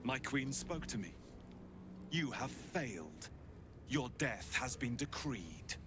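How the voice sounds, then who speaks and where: A grave male warrior speaks in slow, measured video game lines. The delivery is commanding and swings widely in pitch. Game music plays behind him. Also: big pitch swings. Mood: grim. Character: stern male warrior, loyal to his queen.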